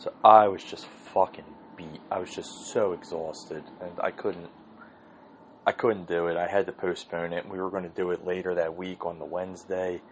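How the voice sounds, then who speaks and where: A man's voice: sits low, little pitch movement, normal speed, a little hiss or hum, rough recording. A man hosting his own podcast, telling a rambling, profane story in a casual solo monologue. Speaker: podcast host.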